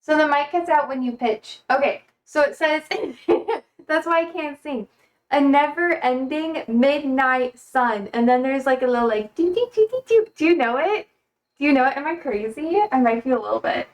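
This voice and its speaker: A woman's voice: high-pitched, normal speed, low-quality recording. An American woman cooking in her home kitchen on a live stream, chatting casually and answering her chat. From United States.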